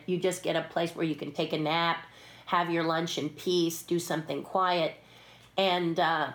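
A woman who works as a puppeteer and stunt performer, telling behind-the-scenes stories in a casual interview and acting out the voices. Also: on the low side. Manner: lively, acts out voices in her stories, laughs often. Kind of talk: casual anecdotal storytelling.

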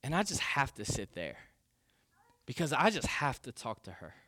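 A man's voice: mid-range voice, sing-song, normal speed, bright, forceful tone, no echo. A man voicing Jesus in a retelling during his sermon, speaking earnestly and insistently. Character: Jesus, patient and persistent male teacher.

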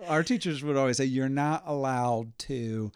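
A man's voice: medium pitch, normal speed, a little mellow, clean tone, no echo, clean studio sound. Easygoing man with wry jokes. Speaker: podcast co-host. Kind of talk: casual comedic chat.

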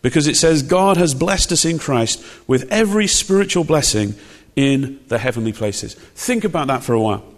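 A man's voice: a little high, animated, normal speed, few pauses. A man delivers a sermon in a slightly raised voice. He talks in an emphatic, conversational way and keeps asking the congregation questions. His words ring out with the long reverb of a church hall. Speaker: preacher.

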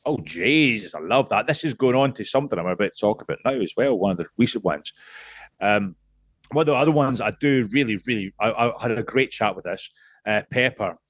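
A man in his late thirties, from Scotland, chatting as a podcast guest with a lowish voice. He rambles through his stories, restarting often and swearing loosely. The sound is dry and close. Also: lively intonation, brisk, no echo. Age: late 30s. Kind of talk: casual podcast chat.

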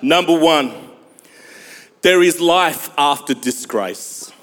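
Aussie pastor guy preaching slow and emphatic, pretty high voice, big echoey church hall. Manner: emphatic preaching, dramatic pauses and sudden loud swells. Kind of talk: sermon. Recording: long hall reverb.

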